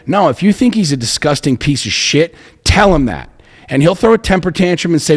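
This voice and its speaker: A man's voice: a little high, big pitch swings, normal speed, husky. Blunt guy cursing a lot on a couple's podcast, big echoey hall sound. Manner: blunt, profane, emphatic. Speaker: podcast co-host. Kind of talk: casual chat. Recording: long hall reverb.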